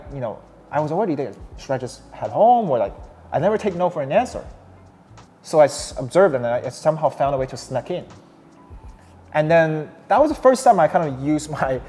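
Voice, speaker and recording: A young man, a startup founder, telling his story in a casual interview with lots of restarts and fillers. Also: a little high. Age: young adult. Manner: animated, many restarts and fillers. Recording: long hall reverb, faint noise.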